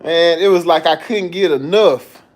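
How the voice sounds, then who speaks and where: A man's voice: a little high, measured pace. A young man on a livestream telling a personal story in a casual way, laughing often and acting out the voices he quotes.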